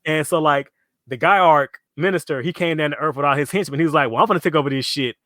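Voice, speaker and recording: A man co-hosting a casual fan podcast, animated, swearing freely and acting out villains' lines. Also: on the high side, quick pace, dry recording, clean studio sound. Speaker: podcast co-host.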